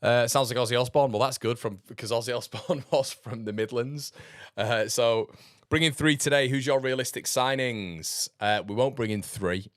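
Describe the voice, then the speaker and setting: A man's voice: medium pitch, normal speed, a bit bright, dry recording, clean studio sound. A man hosting a casual football livestream, reading viewer comments with blunt, sarcastic remarks and frequent laughs. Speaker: football fan channel host.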